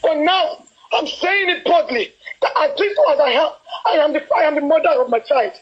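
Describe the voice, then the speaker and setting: Nigerian woman in tears, quick and high-pitched, emphatic; muffled phone sound. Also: animated. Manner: defiant, emphatic, repeats herself. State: crying. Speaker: mother speaking on a livestream. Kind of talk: emotional livestream speech. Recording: dull livestream audio.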